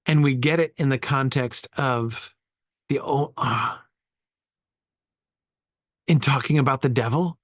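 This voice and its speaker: A man's voice: mid-range voice, takes it slowly, long pauses, no room sound, studio quality. Man thinking aloud over Greek words. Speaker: Bible study teacher. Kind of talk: informal Greek Bible study.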